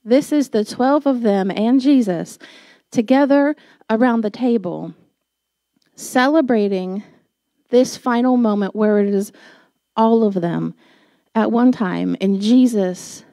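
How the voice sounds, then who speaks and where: A woman pastor giving a sermon, telling a personal story in a chatty, animated way and laughing at herself. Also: fairly high pitch, slow pace, pauses often, no echo.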